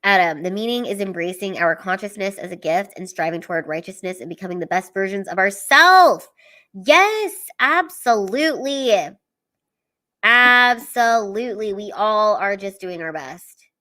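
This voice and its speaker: A woman's voice: medium pitch, fairly quick, few pauses, sharp tone. A woman hosting a casual live stream, reading the chat aloud and giving a blunt, profane, earnest pep talk.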